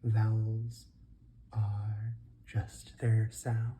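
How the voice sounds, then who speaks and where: An ASMR host softly whispering through a study session, carefully sounding out each word. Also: mid-range voice, level tone, a little hiss or hum. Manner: slow, soft, carefully sounding out words.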